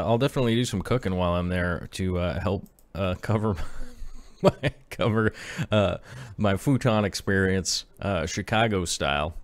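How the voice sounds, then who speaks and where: Low-voiced guy in his 30s rambling on a live stream, lots of ums, reads chat out loud, dry close mic. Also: no echo. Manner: rambling, filler-heavy, reads chat aloud. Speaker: aquarium channel host.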